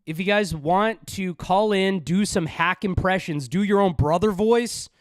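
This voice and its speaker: A man's voice: sits high, measured pace, no room sound, clean studio sound. A man hosting a live stream, talking casually with heavy sarcasm and crude swearing. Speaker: stream host.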